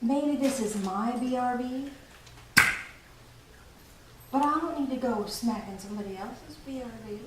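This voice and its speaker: A woman giving a playful, animated spiritual talk to a group, often laughing as she teaches. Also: a little high, a little slow, long pauses. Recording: echoey room from far off, faint noise.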